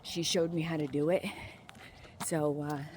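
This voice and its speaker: A woman rambles along in an unhurried, low voice while walking a small-town street. She fills her talk with ums and likes, now and then dropping to a hush. The phone's mic catches her outdoors with faint ambient noise behind her. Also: level tone. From Maine. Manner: rambling, filler-heavy, sometimes hushed. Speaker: vlogger. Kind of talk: casual walking vlog.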